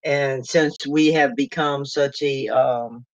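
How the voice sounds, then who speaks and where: A woman's voice: rumbling low, fairly even intonation, slow, no echo. A woman from Virginia hosting a call-in talk show, chatting in a folksy way and laughing often. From Virginia, USA. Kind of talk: casual call-in chat. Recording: dull distant lo-fi sound.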